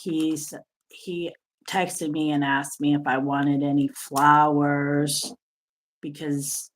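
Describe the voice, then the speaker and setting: A woman in her fifties speaking hesitantly on a video call, pausing often with sighs and small laughs. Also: sits low, flat delivery, a little hiss or hum, poor audio. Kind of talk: casual chat.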